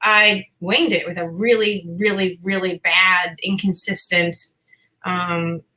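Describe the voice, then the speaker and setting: A chatty woman in her fifties from Boston tells stories as a guest on a podcast. Her voice is bright and ringing. She jokes about herself and swears casually. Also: fairly low pitch, steady tone, slow, low-quality recording. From Boston, USA. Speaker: actress guest. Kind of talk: casual interview chat.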